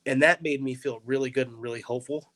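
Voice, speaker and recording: A man's voice: medium pitch, fairly even intonation, fast talker, fairly bright tone, poor audio. A young man, a comedian guest on a podcast, telling a story in a rambling way with many "like"s. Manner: rambling, heavy use of "like".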